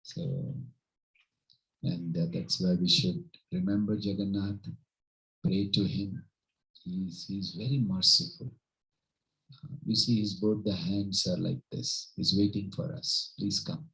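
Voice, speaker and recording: A man's voice: low voice, slow, vocal fry, pauses often, low-quality recording. Man telling devotional stories. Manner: animated, acts out characters' voices. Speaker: spiritual teacher. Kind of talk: devotional storytelling talk. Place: home gathering.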